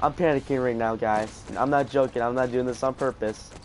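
A man giving casual let's play commentary, panicking out loud and repeating his exclamations. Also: medium pitch, fairly even intonation, a little fast, soft background music. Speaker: gaming video host.

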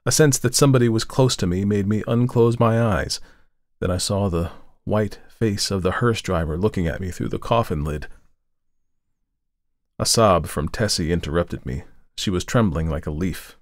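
A man narrating a short story in a measured, dramatic storytelling manner. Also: sits low, dry recording, studio quality. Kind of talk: scripted audiobook narration.

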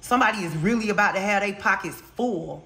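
With a quick pace and a pushed, bright mid-range voice, a tarot reader delivers a casual spiritual reading. The talk is blunt, loaded with slang and swearing, and she repeats points for emphasis, all in a roomy, echoing space.

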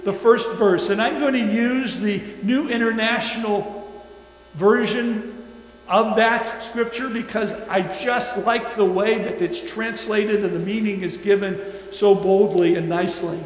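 A man preaching a sermon in a church, emphatic and deliberate, leading the congregation in call-and-response. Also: sits high, slight background noise. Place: church sanctuary. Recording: echoey hall from a distance.

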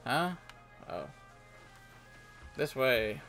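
A man's voice: medium pitch, sing-song, extremely slow, creaky, pushed and bright, faint music behind. A man playing a video game and commenting casually, playfully reading the game's lines aloud in silly voices. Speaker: let's play gamer. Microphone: desk microphone at a computer.

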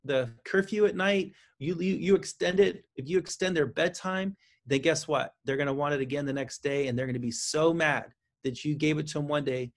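A man speaking as a counselor guest in an interview, explaining parenting advice with lively delivery and frequent restarts. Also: a little high. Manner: animated, acts out parent and child lines, frequent restarts. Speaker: counselor and author.

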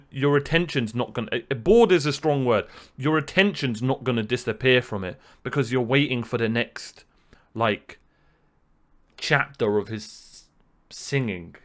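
A man from the UK thinking aloud as he reacts to music, restarting and searching for words. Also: medium pitch. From United Kingdom. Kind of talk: casual reaction commentary.

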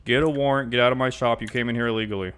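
Brief: male player as a stubborn shop owner, rapid-fire and insistent, mid-pitched. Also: steady tone, a bit bright, smooth. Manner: argumentative, insistent, indignant. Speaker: shop owner character in role-play. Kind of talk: in-character game role-play.

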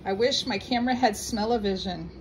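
A woman's voice: medium pitch, fairly quick, background noise. A chatty, encouraging woman, hosting a casual home cooking vlog. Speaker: vlogger host. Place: home kitchen and living room.

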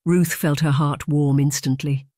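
A man narrating a period romance audiobook in a measured storytelling manner on a close microphone. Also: on the high side, flat delivery, a little mellow, no room sound. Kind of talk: scripted narration.

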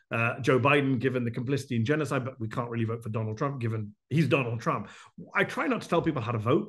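A man hosting a town hall, answering members' questions off the cuff in a brisk, animated way, listing his points and tossing in quick asides. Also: mid-range voice.

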